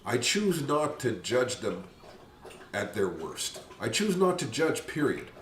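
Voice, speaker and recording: A man's voice: medium pitch, big pitch swings, a bit bright. A man, a father of a big family, talking earnestly about parenting, often restarting his sentences. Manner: earnest, halting with many restarts. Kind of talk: casual talk show conversation. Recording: roomy and distant with faint noise.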